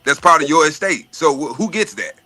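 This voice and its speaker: A man's voice: fairly high pitch, lively intonation, fairly quick, bright, forceful tone, soft background music. A man talking in casual chat about money and estates, profane and streetwise, often repeating words while he searches for them. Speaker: podcast host.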